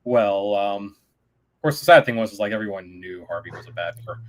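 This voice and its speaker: A man's voice: fairly low pitch, brisk. A man hosting an interview show, chatting casually and speaking directly to the audience.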